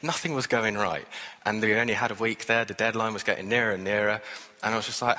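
A man preaches a sermon in a lowish, bright, forceful voice, talking fast. He sounds earnest and conversational, slipping in wry asides, and his words ring out with the long reverb of a church hall.

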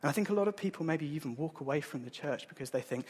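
A man, preaching a sermon in an earnest, conversational way, with a husky voice. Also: on the high side, animated, fast, few pauses, darkish tone. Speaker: pastor. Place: church hall. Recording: long hall reverb.

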